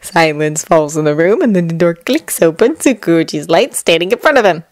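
A woman's voice: low voice, expressive, moderate pace, hardly any pauses, no room sound. Woman reading fanfiction aloud, dry close sound. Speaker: fanfiction reader. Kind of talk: audiobook narration.

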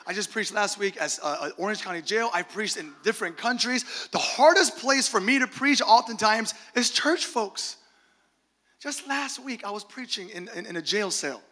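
Male pastor, high bright voice, animated sermon storyteller. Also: big-room sound. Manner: animated storytelling with laughs and quoted asides. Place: church sanctuary.

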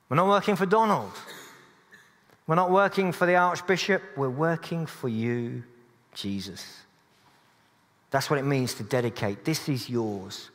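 A man's voice: mid-range voice, a bit bright. A man preaching a sermon in a church, earnest but with dry humorous asides. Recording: long church reverb.

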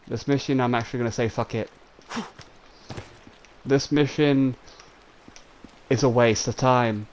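A man's voice: mid-range voice, fairly even intonation, measured pace, pauses often, a little mellow. A man giving jittery let's play commentary, swearing and talking straight to his viewers. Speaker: gamer.

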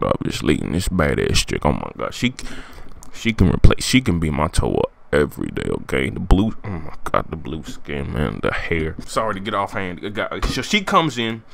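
Excitable, animated young-sounding gaming commentator man. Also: sits low, vocal fry. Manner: excitable, profane, jokey. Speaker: gaming YouTuber. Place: home room, sitting at a desk chair.

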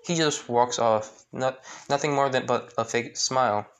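Male storyteller, unhurried, halting, lots of restarts, mid-pitched. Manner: halting, with many restarts and fillers. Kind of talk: retelling a fan story.

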